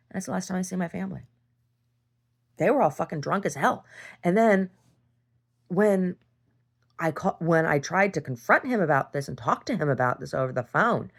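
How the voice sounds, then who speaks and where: Low gravelly woman telling a story. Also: animated, moderate pace, long pauses. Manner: rambling storytelling, voice rising when reliving a fight. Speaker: video diarist. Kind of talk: personal video diary.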